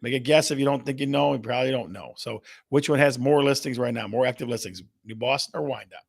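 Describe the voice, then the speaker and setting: A man's voice: mid-range voice, fast talker, creaky, breathy edge. A man hosting a live real estate show, energetically repeating questions and reading out viewer guesses. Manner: energetic, repetitive, reads viewer guesses aloud. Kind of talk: live-stream call-and-response game with viewers.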